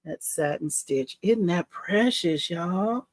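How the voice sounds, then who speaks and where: A woman hosts a casual livestream showing embroidery, her voice lowish, expressive, and slow in a dry recording. She gushes over her work with squeals and laughs, reads viewer comments aloud, and explains the steps.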